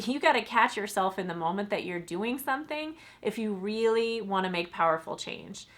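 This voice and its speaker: A woman giving a casual psychology talk to camera, lively and frank, now and then acting out inner voices and swearing offhand. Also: mid-range voice. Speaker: psychology educator.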